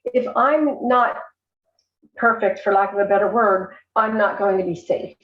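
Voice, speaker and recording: An earnest, candid woman talks as a guest on a podcast. Her voice sits at an ordinary pitch. The sound is roomy and a little dull, like remote audio caught in an echoey room. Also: measured pace. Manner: earnest, candid, fillers like "you know". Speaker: guest, coach for abuse survivors. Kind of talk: casual podcast conversation.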